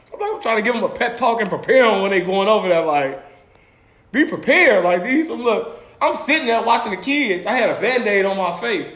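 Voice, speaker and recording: A man telling stories in a casual chat. He is animated and profane, and he laughs often as he talks. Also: high-pitched, fairly quick, roomy sound.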